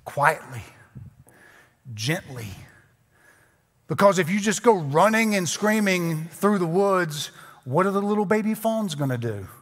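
A man's voice: high voice, lively intonation, normal speed. A man preaching a sermon as a pastor, in a conversational, joking, self-deprecating way. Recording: long hall reverb.

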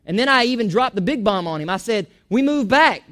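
A man preaching a sermon in a church, animated, joking and going off on asides. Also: high-pitched, a little fast. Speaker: pastor.

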